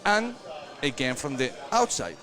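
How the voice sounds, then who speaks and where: A man's voice: mid-range voice, unhurried, faint music behind. A man from Spain with a Spanish accent, a cigar maker guest chatting casually in broken English at a cigar shop event. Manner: animated, broken English, joking. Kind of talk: casual chat.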